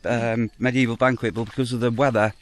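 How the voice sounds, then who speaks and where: A man's voice: level tone, a little fast. A man giving a casual walking tour of a farm park outdoors, chatting as he goes and talking to the animals. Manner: chatty, talks fondly to animals in a higher voice. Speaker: vlogger touring a farm park.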